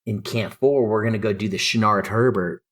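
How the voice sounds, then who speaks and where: A man in his fifties, from California, telling lively stories as a podcast guest and acting out quoted dialogue. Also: on the low side, moderate pace. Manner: animated storyteller, acts out quoted dialogue. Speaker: guest climber. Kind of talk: storytelling interview.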